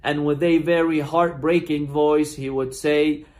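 A man's voice: a little high, fairly even intonation, measured pace, a little mellow. A man preaching a sermon as a story, impassioned and building in intensity, at times chanting Arabic verses.

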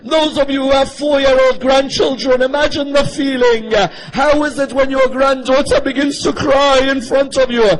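A man's voice: extremely high pitch, steady tone, moderate pace, hardly any pauses, poor audio. A male preacher giving an emotional religious sermon, telling a story and asking his listeners rhetorical questions.

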